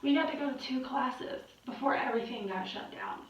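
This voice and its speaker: A woman's voice: high voice, fairly quick. Weary woman in a very echoey room. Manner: weary, candid, rambling, swears. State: exhausted. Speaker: vlogger. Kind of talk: candid personal vlog. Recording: very echoey, distant, muffled.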